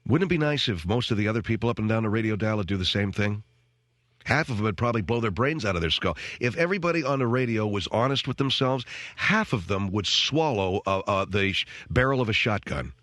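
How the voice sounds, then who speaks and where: A man's voice: lowish voice, animated, fast talker, a bit bright, no room sound. A man hosting a radio show, ranting in a sarcastic, self-mocking comic monologue from a studio microphone. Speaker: radio talk show host.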